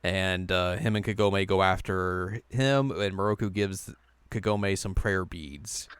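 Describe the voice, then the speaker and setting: A man co-hosting a podcast, recapping an anime episode in casual chat and dropping into quick silly voices for the characters. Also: deep voice, fairly bright tone, clean tone, no room sound. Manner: retells scenes with quick goofy character voices.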